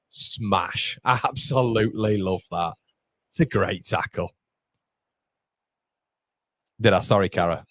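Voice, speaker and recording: Young guy doing live footy commentary, lowish voice, reads chat out, laughs a lot, dry close sound. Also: no room sound. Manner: chatty, laughs often, reads viewer comments aloud. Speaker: watchalong host.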